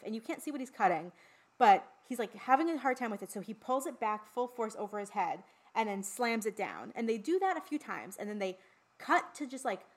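Chatty woman podcast co-host. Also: medium pitch. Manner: chatty, swears freely, lots of fillers. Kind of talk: casual chat about a horror film.

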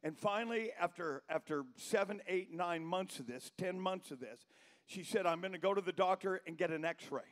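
A middle-aged man preaching a sermon as pastor, telling a story that builds into shouted preaching. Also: sits high, moderate pace.

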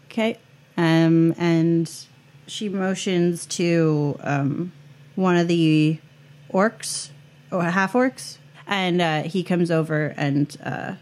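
Woman gm narrating a tabletop game, slow and halting, lots of ums. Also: fairly low pitch, a little mellow. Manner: halting, many fillers. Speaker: game master.

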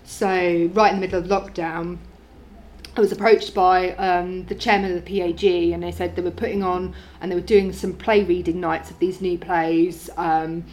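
A woman's voice: lowish voice, level tone, normal speed, darkish tone. A woman actor in an interview, talking eagerly about her part with frequent restarts. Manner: enthusiastic, many restarts. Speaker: lead actor. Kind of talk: casual interview.

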